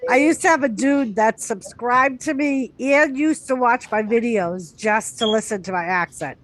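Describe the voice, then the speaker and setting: A woman's voice: fairly high pitch, moderate pace, a bit bright, dry recording. A woman with a Rhode Island accent chatting casually with friends on a stream, laughing often. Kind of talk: casual chat.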